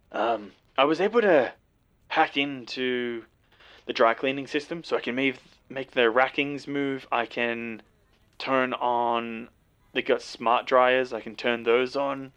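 A casual, helpful hacker checking in over a call, as a game master voices him. His voice is gravelly, and he talks in halting bits. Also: mid-range voice, a bit bright. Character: male hacker ally on a radio call.

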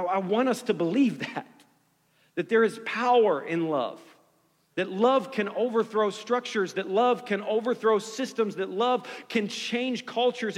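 A man's voice: sits high, big-room sound. A man in his forties preaching a sermon in earnest, building through repeated phrases. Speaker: pastor.

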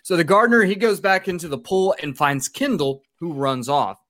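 A man's voice: fairly high pitch, a bit bright, dry recording, studio quality. Joking man recapping a movie plot. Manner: joking, crude, brisk plot summary. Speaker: podcast co-host, recapping the plot. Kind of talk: casual chat and plot recap.

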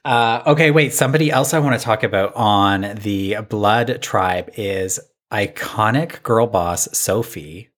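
A man's voice: fairly low pitch, a little slow, few pauses, fairly bright tone. A man from North America co-hosting a podcast, recapping episodes in a chatty, laughing way. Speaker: podcast co-host. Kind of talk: casual chat.

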